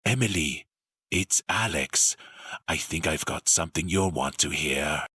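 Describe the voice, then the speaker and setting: A man's voice: extremely low pitch, unhurried, bright, forceful tone, slightly rough, dry recording, heavily acted. A man voicing a determined, defiant neighbor who speaks firmly.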